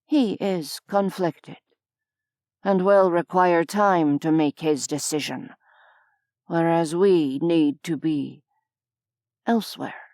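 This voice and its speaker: A woman voicing an aloof Fae man who speaks in a measured, flat and formal way, in an audiobook. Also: on the low side, no room sound, clean studio sound.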